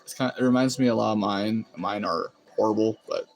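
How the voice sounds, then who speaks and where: A man's voice: on the low side, brisk, vocal fry, soft background music. A man chatting casually on a live stream, rambling and laughing often as he reacts to chat. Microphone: phone.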